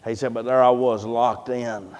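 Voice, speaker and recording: A man tells a long sermon story in a folksy, drawn-out way, putting on the voices of the people he quotes. His mid-pitched voice carries a long reverb, as though it fills a big church hall. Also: steady tone, a little mellow, muffled recording. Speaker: preacher.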